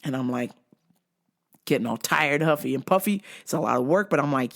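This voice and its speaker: A woman's voice: rumbling low, brisk, creaky. A young adult woman telling a comic story as a vlogger, swearing freely and breaking into shrieking laughter. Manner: profane, animated, bursts into shrieking laughter. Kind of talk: comedic storytelling rant.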